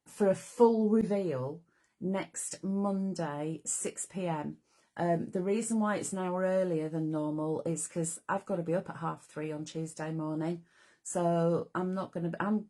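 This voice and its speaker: A chatty woman hosts a live craft stream, her voice a little low and croaky. She talks straight to her viewers in a bubbly, friendly flow. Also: darkish tone. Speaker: craft show host. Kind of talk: casual live-stream chat. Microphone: camera or phone mic on a live stream.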